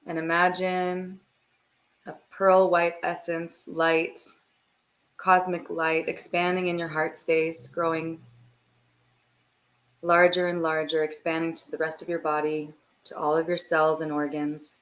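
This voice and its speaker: A woman energy healer guiding a slow, soothing meditation in a hushed voice. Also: low voice, monotone. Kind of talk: guided meditation. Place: home, livestream.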